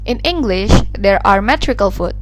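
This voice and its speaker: A woman's voice: medium pitch, expressive, moderate pace, faint music behind, poor audio. A young woman, a native Indonesian speaker, reading a class presentation aloud carefully and drawing out example words. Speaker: student presenter.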